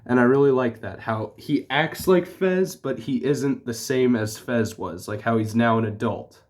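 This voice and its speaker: Male reviewer, offhand rambling delivery, average pitch. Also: measured pace. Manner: rambling, full of "like" and restarts. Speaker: TV show reviewer. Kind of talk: casual spoken review.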